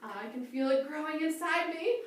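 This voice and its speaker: A woman's voice: high-pitched, moderate pace, heavy reverb, recorded from a distance, pitched above the performer's own voice, close to an everyday voice. A woman voicing a dramatic, watermelon-loving male crocodile who panics and squeals. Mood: panicked. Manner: theatrical, exclaiming, squealing when alarmed.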